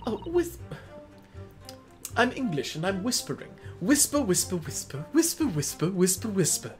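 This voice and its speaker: A young Englishwoman in whispered role-play, put on by a man. The voice is pushed way up high into a breathy, soft whisper. It stays hushed and airy throughout. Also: very animated, measured pace, soft background music, exaggerated voice. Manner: mock whispering gibberish.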